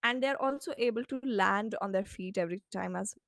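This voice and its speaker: A woman coach chatting as a podcast guest, telling animated stories and laughing often. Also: mid-range voice, fairly quick, gravelly, dry recording, studio quality. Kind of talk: casual podcast interview.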